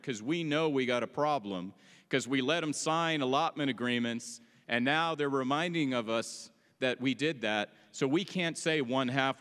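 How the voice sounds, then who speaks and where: A man's voice: mid-range voice, fairly bright tone. Man lecturing casually in an echoey hall. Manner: casual, joking asides. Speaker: presenter. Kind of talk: informal history lecture. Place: meeting hall.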